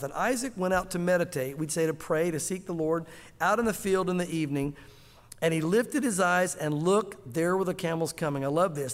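Male preacher, high voice, expressive storyteller, church hall reverb. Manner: animated storytelling, acting out dialogue. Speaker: pastor. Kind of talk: sermon.

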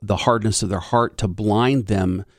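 A man's voice: lowish voice, fairly even intonation, measured pace, no room sound, studio quality. A man co-hosting a talk show, asking long, hesitant questions with many fillers. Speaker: co-host.

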